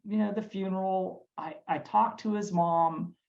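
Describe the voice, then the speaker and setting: A woman recounts a personal story in a webinar, earnest and halting. Her pitch sits in a middle range. The audio is muffled and dull, as if sent over a video call. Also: steady tone, vocal fry, a little mellow. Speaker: restaurant owner. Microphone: webinar microphone.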